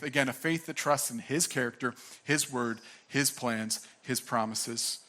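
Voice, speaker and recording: A man's voice: mid-range voice, fairly even intonation, normal speed, few pauses, sharp tone. A young man giving a sermon as pastor, earnest and conversational, full of fillers and restarts.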